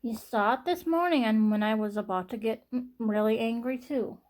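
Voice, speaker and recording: Young woman vlogger, slightly high voice, halting and repetitive, sighs a lot. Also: a little mellow. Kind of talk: personal vlog monologue.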